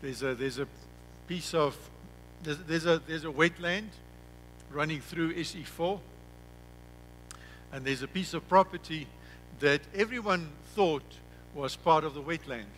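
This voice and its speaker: A man preaching a sermon as pastor, who slows down and drops his voice on key words and repeats himself when telling a story. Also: fairly high pitch, fairly bright tone, a little hiss or hum, low-quality recording.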